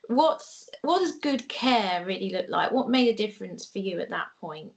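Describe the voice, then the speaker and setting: Gravelly-voiced woman hosting a podcast. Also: medium pitch, lively intonation, moderate pace. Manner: affirming, encouraging interviewer. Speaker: podcast host. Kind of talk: interview questions.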